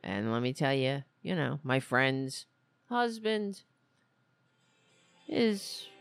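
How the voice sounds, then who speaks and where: Podcast host, casual political commentary, lively swooping pitch, slow delivery, blunt rambling talk. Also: vocal fry, clear, resonant tone, dry recording, soft background music. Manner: blunt, rambling, with many restarts. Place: lives in Queens, New York.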